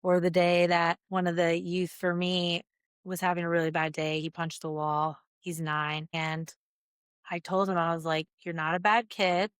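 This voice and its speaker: Female guest, lowish voice, earnest storyteller, dry close mic. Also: moderate pace, clear, resonant tone, no room sound. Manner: earnest, animated storyteller acting out quotes. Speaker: guest, nonprofit founder. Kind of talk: casual interview conversation.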